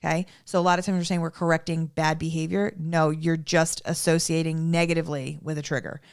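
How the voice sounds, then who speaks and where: A woman's voice: low voice, flat delivery, brisk, vocal fry, smooth. A young adult woman who trains dogs, giving an emphatic instructional talk and checking in often with "okay?". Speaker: dog trainer.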